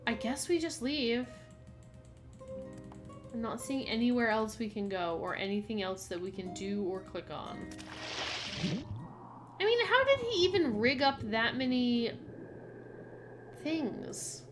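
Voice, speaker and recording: A woman's voice: fairly high pitch, very animated, a little slow, pauses often, music in the background. A woman giving casual commentary while playing a game, chatty and musing aloud. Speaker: gameplay streamer. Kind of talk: casual let's-play commentary.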